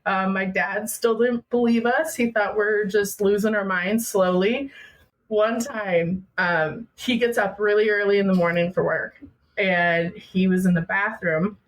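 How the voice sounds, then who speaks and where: A woman's voice: mid-range voice, slow, low-quality recording. A young woman from Minnesota telling a personal story as a podcast guest, acting out what family members said. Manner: animated, acting out family dialogue.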